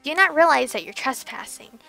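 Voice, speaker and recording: A woman's voice: high voice, a little fast, creaky, soft background music, full character voice. A woman reading a sly, cool sorceress. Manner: calm, cool, probing questions. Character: sly young woman sorceress who cursed men. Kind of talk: reading game dialogue aloud.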